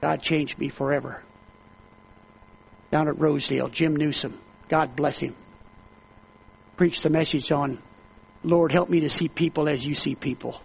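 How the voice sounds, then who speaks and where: A man preaching a sermon to a congregation, calling for amens, swinging between loud high exhortation and low hushed storytelling. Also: fairly even intonation, a little slow, gravelly, pauses often, slightly rough. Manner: calls for amens, reads aloud to the congregation.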